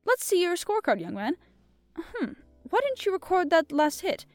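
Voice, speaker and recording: A woman voicing a shrewd male professor detective in a read-aloud mystery, asking polite, measured questions. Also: very high voice, very animated, a little mellow, dry recording, soft background music, voice pushed up. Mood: calm, inquiring.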